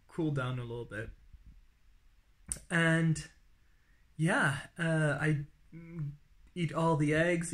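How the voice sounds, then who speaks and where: A man's voice: a little high, a bit bright. A young man telling the story of his day in a casual spoken travel diary, rambling with many fillers and restarts and acting out what people said to him. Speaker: traveler recording a daily diary.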